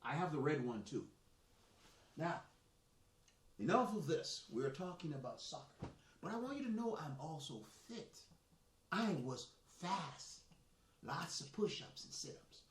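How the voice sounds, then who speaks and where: Animated Jamaican man in an echoey room. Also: fairly high pitch, a little slow, long pauses. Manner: animated, boastful, chatty with restarts. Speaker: soccer coach and live-stream host. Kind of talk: rambling casual live stream talk. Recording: echoey room, mic at a distance.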